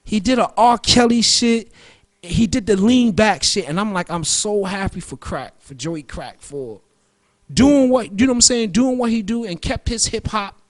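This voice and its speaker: A man with a notably high-pitched voice holds the mic alone on a radio show. His talk is loose street speech, heavy with profanity. He rambles and jumps from one topic to the next. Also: normal speed. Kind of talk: casual solo monologue.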